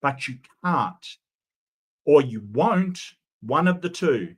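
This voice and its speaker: A man's voice: a little high, expressive, takes it slowly, breathy edge. A man giving sarcastic, mocking reaction commentary, often stumbling and restarting his sentences.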